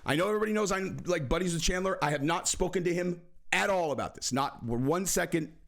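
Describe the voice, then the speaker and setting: A man hosting a casual vlog, talking in an animated, profane, jokey way with many fillers. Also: sits high, fast, vocal fry. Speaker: host.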